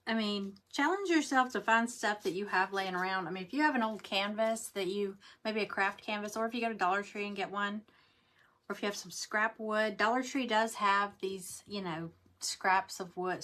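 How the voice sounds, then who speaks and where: A woman's voice: mid-range voice, moderate pace, fairly bright tone. A woman chatting casually to viewers while she demonstrates a craft project. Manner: chatty, rambling, talks to viewers. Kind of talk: casual craft demo livestream.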